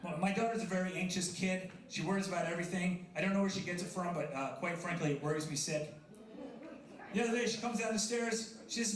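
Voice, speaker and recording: A man's voice: high voice, fast. A man in his thirties performing a stand-up comedy set at a coffee house, self-deprecating and chatting with the crowd. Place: coffee house stage before a live audience. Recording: roomy live venue sound.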